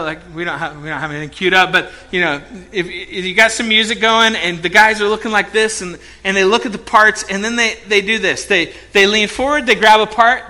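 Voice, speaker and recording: Male pastor preaching to a congregation, animated storyteller, raises pitch high and voice very bright and cutting. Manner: animated storytelling, acts out quotes, swings loud and soft. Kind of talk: sermon. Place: church hall before a congregation.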